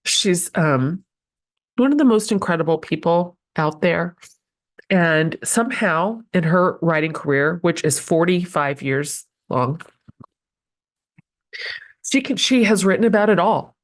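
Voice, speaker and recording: A woman's voice: on the low side, expressive, measured pace, pauses often. A woman in her forties hosting a podcast, introducing her guest with gushing emotion and plenty of ums and restarts. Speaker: podcast host.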